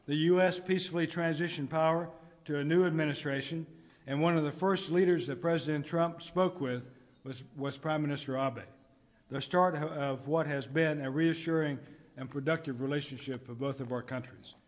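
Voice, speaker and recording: A middle-aged man, a military commander, delivering a formal prepared speech in a measured, emphatic way. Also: fairly high pitch, steady tone. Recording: echoey conference hall.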